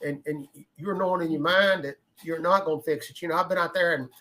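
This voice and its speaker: A man's voice: a little high, fairly even intonation, fast talker, bright, forceful tone. A man, talking in a rambling casual way, often repeating words as he thinks aloud. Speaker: podcast co-host, emergency medical veteran. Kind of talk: casual conversation.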